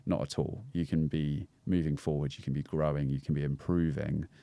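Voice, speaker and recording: A man's voice: extremely low pitch, flat delivery, brisk, creaky, dark tone, no room sound. A man with a Scouse accent, a podcast guest talking through breathwork and mindset in a reflective, explanatory way, with many fillers and restarts. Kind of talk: casual podcast conversation.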